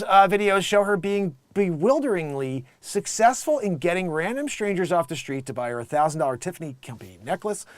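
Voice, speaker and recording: A man hosts a comic news commentary with a fairly high, very lively voice that swoops up and down. He mocks what he sees and slips into short character voices for the people he describes. The sound is dry and close, with no room echo. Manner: animated, mocking, does quick voices in quoted bits. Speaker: host. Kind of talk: casual comedic commentary.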